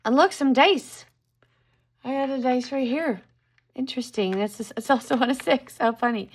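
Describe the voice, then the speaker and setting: A woman's voice: high-pitched, moderate pace, slightly rough. A middle-aged woman giving a casual tarot card reading to camera, musing aloud and exclaiming at what she draws.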